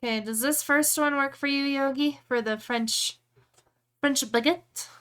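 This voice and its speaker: A woman with a slightly high-pitched voice talks loosely to her viewers. She rambles and thinks aloud, with lots of easy, chatty asides. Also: fairly even intonation, a little slow, fairly bright tone. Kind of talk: casual live-stream chat.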